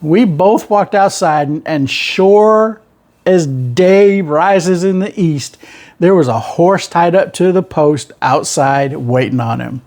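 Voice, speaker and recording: This channel host, a middle-aged trucker with a country Southern twang, drifts through road anecdotes in relaxed, folksy fashion. His slightly high voice is a little mellow and unhurried.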